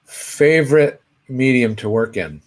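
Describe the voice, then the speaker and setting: A man's voice: medium pitch, measured pace. A man co-hosting a casual live Q&A, telling a story and acting out the people in it. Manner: animated storyteller, acts out quoted voices. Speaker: co-host answering viewer questions.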